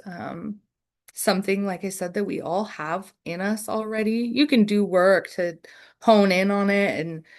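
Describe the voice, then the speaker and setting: Vocal fry colors this woman's lowish voice. She hosts a poetry workshop online and takes questions slowly and reflectively, with lots of fillers.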